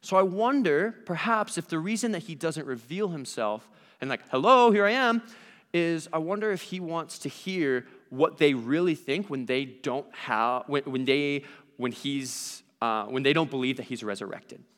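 A man's voice: on the high side, moderate pace, fairly bright tone, in a large hall. A man giving a conversational sermon, thinking aloud with restarts and asking questions of the text. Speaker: preacher.

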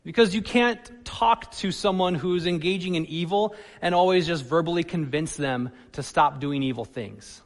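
A man preaching a sermon, animated, swinging between loud emphasis and soft asides. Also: a little high, normal speed, few pauses, big-room sound. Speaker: pastor.

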